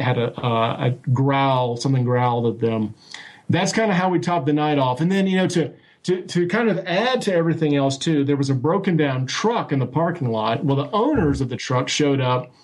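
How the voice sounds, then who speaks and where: A man telling a story as an interview guest, animated and full of restarts and acted-out quotes. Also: on the high side. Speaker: guest recounting a sighting. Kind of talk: casual storytelling.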